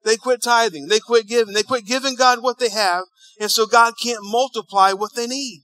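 Preacher guy, high bright voice, tells stories, goes quiet then loud, dry close sound. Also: steady tone, moderate pace, no room sound, low-quality recording. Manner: storytelling, acts out dialogue, swings between hushed and loud. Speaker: pastor. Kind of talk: sermon.

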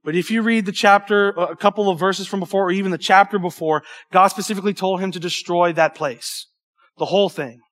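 Young male youth pastor, high-pitched, animated preaching, stumbles through asides. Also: a little fast. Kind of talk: sermon.

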